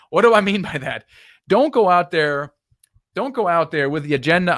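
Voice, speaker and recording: A man's voice: fairly high pitch, moderate pace, long pauses, no echo, clean studio sound. Upbeat man coaching on a live stream. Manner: energetic, direct, coaching with imperatives; acts out sample conversations in shifted voices. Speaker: apartment investing coach.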